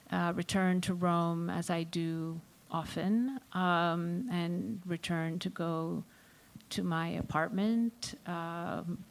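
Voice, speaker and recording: A woman author speaking on a festival panel, reflective and halting, with frequent ums and restarts. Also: on the low side.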